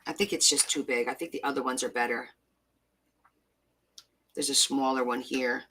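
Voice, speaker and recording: Chatty crafting woman, bright voice. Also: a bass voice, fairly even intonation, moderate pace, slight background noise. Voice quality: self-described valley girl sound. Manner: chatty, talks to herself while sorting stickers, gushing. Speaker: crafting vlogger. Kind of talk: casual chat while crafting.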